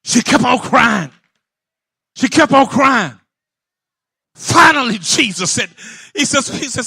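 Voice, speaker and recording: A male pastor a fiery sermon, shouting and repeating his points. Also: very high voice, animated, slow, creaky, pauses often, breathy edge, no echo. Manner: shouting, call-and-response preaching.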